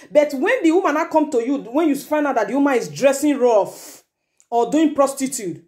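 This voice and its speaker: A woman with a Nigerian accent giving a forceful, lecturing advice monologue as a vlogger, slipping into Pidgin. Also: sits high.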